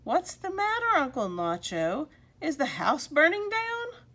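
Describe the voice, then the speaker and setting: A woman voicing an excited young schoolgirl visiting her uncle. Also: a little high, a little slow. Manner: bright, excited calling out. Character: cheerful young schoolgirl niece.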